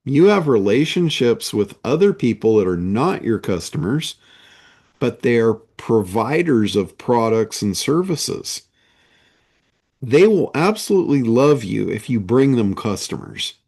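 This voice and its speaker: A man's voice: mid-range voice, big pitch swings, darkish tone. A man giving a motivational talk as a business coach, stressing points with rhetorical questions. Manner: slow, emphatic, with rhetorical questions. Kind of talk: motivational monologue.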